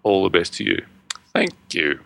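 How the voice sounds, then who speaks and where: Australian man, podcast co-host, very deep voice, bright edge, jokey chat. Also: animated, normal speed, vocal fry. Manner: jokey, chatty, self-deprecating. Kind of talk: casual podcast chat and reading listener mail.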